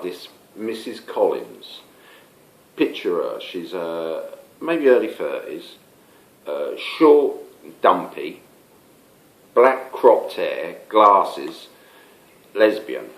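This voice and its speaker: Deep-voiced older man telling stories. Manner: rambling, stop-start, many fillers. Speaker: storyteller. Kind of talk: casual spoken anecdote. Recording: roomy echo.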